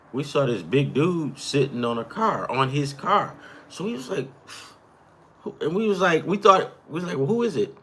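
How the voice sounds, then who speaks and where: A man's voice: medium pitch, a bit bright, husky. A man in his thirties or forties hosting a podcast, telling a rambling work story and reacting to a football game, swearing and laughing as he goes. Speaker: podcast host. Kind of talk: casual storytelling and game commentary.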